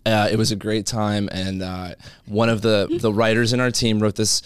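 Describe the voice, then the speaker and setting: A man's voice: lowish voice, level tone, moderate pace, clear, resonant tone, no echo, studio quality. A man guesting on a comedy podcast, telling rambling stories with many restarts. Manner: rambling, self-interrupting storyteller. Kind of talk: casual podcast chat.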